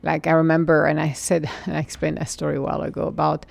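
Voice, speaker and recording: A low-pitched woman in her forties delivers an inspirational spiritual monologue, her voice carrying a gravelly fry. She sounds earnest and encouraging and sometimes drops into a soft whisper. The recording is close and dry, with no room sound. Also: completely flat delivery, fast talker, dry recording. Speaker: spiritual motivational speaker.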